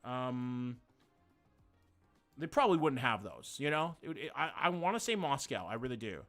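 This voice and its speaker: A man's voice: mid-range voice, big pitch swings, moderate pace, a bit bright, faint music behind. A man streaming a game live, thinking aloud, swearing casually and greeting viewers by name. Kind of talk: casual live-stream chat while playing.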